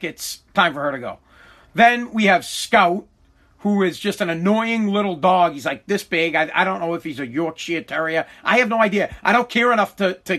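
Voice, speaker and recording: A man ranting in a casual, comic way, exasperated and griping, often stammering and repeating his words. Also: high-pitched. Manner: shouts when quoting himself.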